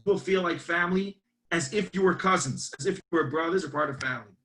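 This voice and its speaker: A man, a campus rabbi telling a story in a webinar and acting out both sides of the dialogue with lively energy. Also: on the high side, quick pace, low-quality recording. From Brooklyn, New York. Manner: animated, acts out dialogue.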